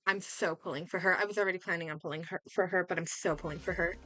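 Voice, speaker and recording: A young woman hosting a casual reaction video, excitable and rambling, with lots of fillers and restarts, a little sick. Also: on the low side, quick pace, faint music behind. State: slightly sick. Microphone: desk microphone.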